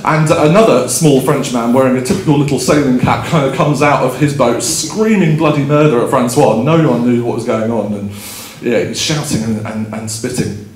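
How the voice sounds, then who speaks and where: A man's voice: medium pitch, normal speed. Guy doing a keynote, chatty and self-mocking, lots of ums, echoey hall, bit of room noise. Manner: chatty, self-deprecating, frequent ums, laughs at own story. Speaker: keynote speaker. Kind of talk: conference keynote storytelling. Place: conference hall stage. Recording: roomy hall, faint background ambience.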